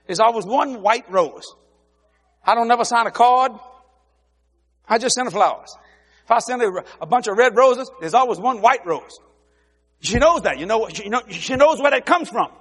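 An older man preaching a sermon, telling joking stories with exuberant bursts of shouting. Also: very high voice, animated, moderate pace.

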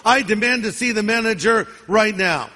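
A man's voice: high-pitched, normal speed, sharp tone. A man voicing an offended woman who demands to see a shop manager. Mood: indignant. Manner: indignant, demanding. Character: offended indignant woman passer-by. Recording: long reverb of a large hall.

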